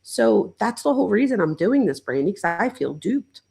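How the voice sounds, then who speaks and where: A woman's voice: mid-range voice, sing-song, normal speed, vocal fry, darkish tone, rough recording. A woman hosting a casual livestream. She talks straight to her viewers in a chatty way, full of "like" fillers. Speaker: host and professor reading live chat.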